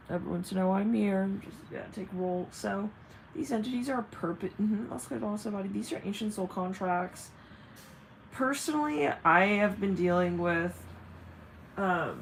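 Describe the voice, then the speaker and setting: A woman's voice: on the low side, a little hiss or hum, low-quality recording. A woman doing a live psychic reading, talking frankly and bluntly, laughing often and swearing at times. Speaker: psychic reader. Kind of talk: live-stream spiritual reading.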